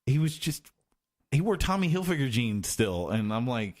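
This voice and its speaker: A man's voice: mid-range voice, sing-song, moderate pace, darkish tone. Rambling, hesitant male podcast co-host. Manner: rambling, hesitant, many restarts and fillers. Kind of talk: casual chat.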